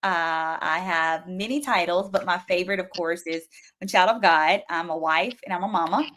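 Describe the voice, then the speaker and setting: A woman's voice: on the low side, normal speed, a bit bright. A woman guest on a talk show, an author and coach who introduces herself in a humble, friendly, upbeat way. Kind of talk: casual interview chat.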